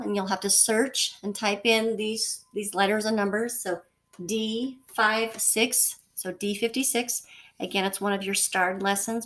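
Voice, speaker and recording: A woman's voice: mid-range voice, a bit bright. A woman teacher giving a recorded lesson to her class, patient and repetitive, checking in often with the listener. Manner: patient, repeats points, frequent okay and so.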